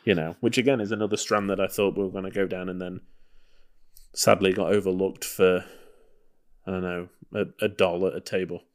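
A podcast co-host with a low voice and fairly even intonation talks briskly and loosely about an old film in a casual review chat. He's conversational, full of fillers and hedges.

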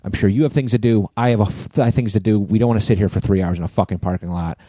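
Male podcast co-host, low mellow voice, profane animated storyteller. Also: fast talker, no room sound. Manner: profane, animated storyteller acting out both sides of a quarrel. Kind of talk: casual storytelling chat.

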